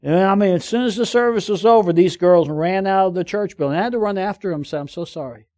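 A man's voice: high-pitched, quick pace. A man preaching a sermon, telling funny personal stories and calling out to the congregation. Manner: lively, joking, calls out to the audience. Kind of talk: sermon with humorous storytelling.

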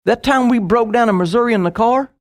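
A middle-aged man preaching a sermon, telling stories with quick asides and bursts of emphasis. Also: extremely high pitch.

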